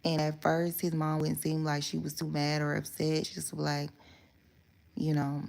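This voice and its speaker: A woman with a low voice and a gravelly edge rambles through a personal story for her viewers. She talks candidly and swears freely, circling back and correcting herself as she goes. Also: level tone, normal speed. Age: adult. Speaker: vlogger telling a story. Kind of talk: casual story time monologue.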